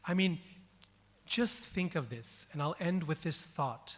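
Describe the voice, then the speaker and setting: A man's voice: fairly high pitch, lively intonation, unhurried, fairly bright tone. A man giving a devotional lecture at an event, telling a personal story and repeating words for emphasis. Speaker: speaker. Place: event hall. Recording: long hall reverb.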